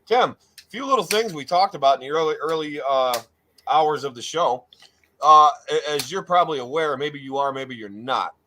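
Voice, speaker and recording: A man's voice: on the high side, animated, moderate pace, pushed and bright, slight background noise. A man hosting a live talk show, chatting loosely with many restarts and putting on a mock-grand tone for introductions. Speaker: podcast host. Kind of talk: casual live show chat.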